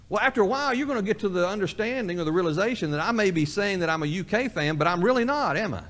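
A man's voice: high-pitched, animated, rapid-fire, few pauses, fairly bright tone. A male pastor delivering a sermon in a folksy way, repeating key phrases for emphasis and acting out imagined conversations. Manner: acts out both sides of imagined dialogues. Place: church sanctuary.

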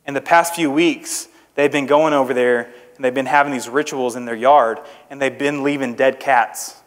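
A man voicing a calm, serious mailman in a low, hushed, grave way. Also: brisk, close to an everyday voice. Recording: long hall reverb.

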